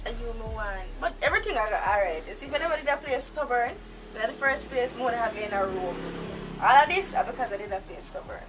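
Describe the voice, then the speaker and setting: A woman's voice: fairly high pitch, lively intonation, a little fast, over music, lightly acted, rough recording. An actress with a Jamaican accent playing a menacing woman who holds a man captive, threatening and scolding him in patois. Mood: cold, brooding. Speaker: actor in a film. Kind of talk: film dialogue.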